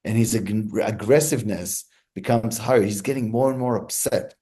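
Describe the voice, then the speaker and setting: A man with a fairly low, mellow voice talks through his experiences as a negotiator in an interview. He is thoughtful and unhurried, often restarting his sentences as he works out what he wants to say. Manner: thoughtful, many restarts, relaxed storytelling pace. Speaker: hostage negotiator guest. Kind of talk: reflective interview storytelling.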